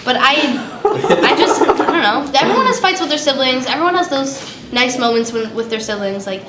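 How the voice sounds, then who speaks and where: A young woman fumbles through her answers with lots of "like" and trailing thoughts. She speaks a touch high, her voice bouncing around an echoey convention room with steady background noise. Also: brisk. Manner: rambling, hesitant, full of "like". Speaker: voice actress guest. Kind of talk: press conference answers.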